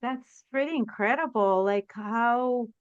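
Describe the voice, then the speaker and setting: A woman hosting an interview, reacting softly and reflectively. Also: a little high, slow pace, clear, resonant tone, no room sound. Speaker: podcast host. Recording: dull, dry lo-fi sound.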